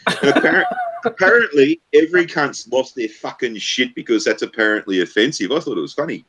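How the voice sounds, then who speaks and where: A man's voice: lowish voice, sing-song, brisk, fairly bright tone. A man trading crude jokes and stories in a casual group stream. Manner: crude, laughing storyteller. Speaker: stream guest. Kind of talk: crude joking banter.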